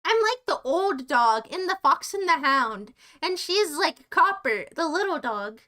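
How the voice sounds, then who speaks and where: High, bright, rambling woman streamer. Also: sing-song, measured pace. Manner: rambling, stops and restarts, playful. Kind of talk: casual livestream chat.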